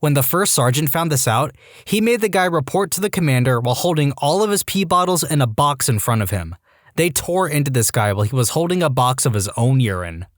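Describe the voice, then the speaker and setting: A man narrating reddit stories in an animated, wry scripted read. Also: on the high side, a little fast, no echo, clean studio sound. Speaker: story narrator.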